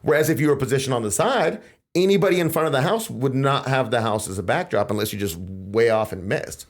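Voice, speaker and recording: A man hosting a podcast, telling events in a casual, animated way and acting out quotes in a raised voice. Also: mid-range voice, fairly quick. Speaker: podcast host. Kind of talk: casual conversational storytelling.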